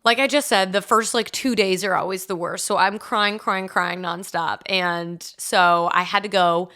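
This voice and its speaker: A young woman hosts her podcast solo, telling stories in a chatty, confessional way with plenty of laughing asides. Her voice is bright and clear, at a middle pitch for a woman. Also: fairly even intonation, unhurried. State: congested. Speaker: podcast host. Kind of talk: casual solo podcast storytelling.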